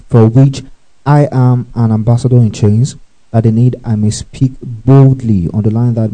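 Male pastor, sermon, very mellow dark voice, repeats key words, keeps saying underline that. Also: medium pitch, poor audio. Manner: repeats phrases and keeps asking "do you get it?"; tells listeners to underline verses. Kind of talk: sermon teaching from scripture.

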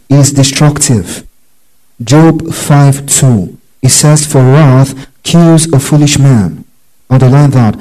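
A man's voice: mid-range voice, dark tone, poor audio. A man teaching a Bible study, reading verses aloud and telling listeners which words to underline.

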